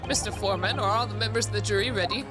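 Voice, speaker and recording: Game read: woman voicing a stern old male judge, formal and measured, music under. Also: medium pitch, lightly acted. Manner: formal, measured courtroom speech. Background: background music.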